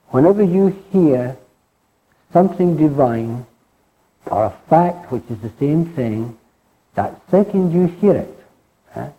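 A man giving an informal spiritual talk in a rambling way, often tagging his lines with "eh?" and dropping soft and low on key words. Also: narrow, tinny audio. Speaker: spiritual teacher.

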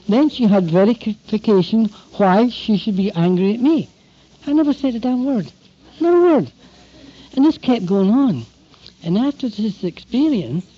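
A man giving a talk to therapists, telling anecdotes in an animated way and acting out bits of dialogue. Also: high voice. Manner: animated anecdotal storytelling, acts out quoted dialogue. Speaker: speaker addressing therapists. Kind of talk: storytelling lecture. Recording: dull lo-fi recording.

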